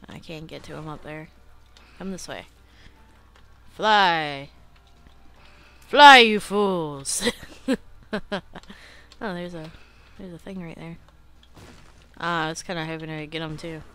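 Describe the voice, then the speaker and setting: A young adult woman hosting a casual let's-play, chatty and self-critical, clearing her throat often and breaking into excited outbursts. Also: low-pitched, normal speed, pauses often. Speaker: gaming channel host.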